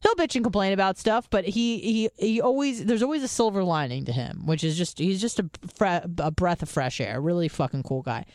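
A woman's voice: mid-range voice, fairly quick, hardly any pauses, a little mellow, dry recording, clean studio sound. A woman co-hosting a casual chat show, telling a long story in a profane, rambling way with many restarts. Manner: profane, rambling, self-interrupting. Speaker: co-host.

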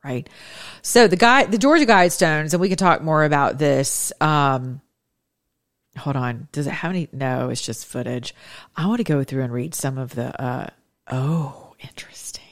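A woman's voice: sits low, moderate pace. A woman hosting a casual commentary show, chatting and reacting sarcastically as she scrolls through news stories and laughs at her own jokes.

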